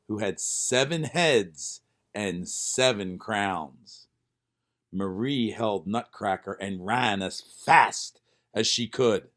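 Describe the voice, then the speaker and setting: A man reading a children's storybook aloud with expressive narration. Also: lowish voice, slow pace. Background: faint music.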